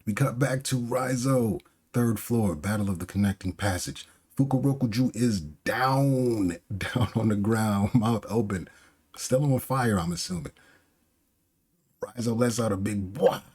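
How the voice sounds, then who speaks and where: A man's voice: lowish voice, measured pace, darkish tone, slightly rough. A man hosting a casual reaction channel, reading aloud and commenting in a chatty way. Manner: chatty, laughs often, restarts words. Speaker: manga reaction channel host.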